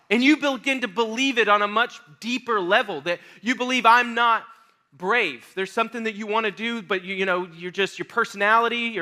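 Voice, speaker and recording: A man's voice: high-pitched, bright, forceful tone. A man preaching a youth sermon, telling a comic story about himself and acting out scenes, then speaking earnestly to his audience. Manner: playful, self-mocking, acts out scenes with voices and sounds; earnest and direct when addressing the audience. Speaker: youth pastor.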